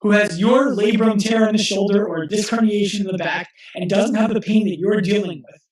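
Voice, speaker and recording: A man in his thirties, a guest in an interview, talking earnestly and telling stories with quick restarts. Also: high voice, a little mellow, roomy sound, poor audio. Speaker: guest, physical therapist and coach. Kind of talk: conversational interview.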